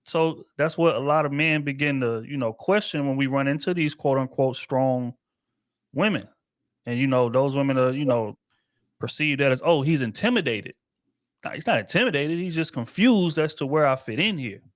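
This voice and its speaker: A man's voice: mid-range voice, moderate pace, no room sound, clean studio sound. A married man co-hosting a casual panel discussion, talking in a loose, rambling way with casual profanity. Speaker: podcast co-host.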